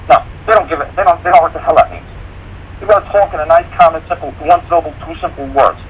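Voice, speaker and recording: Fast talking guy, bright edgy voice, swears a lot, folksy and blunt, faint hiss. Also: fairly high pitch, highs cut off. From rural mountain area. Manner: blunt, profane, folksy storytelling. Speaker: guest. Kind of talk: casual radio talk.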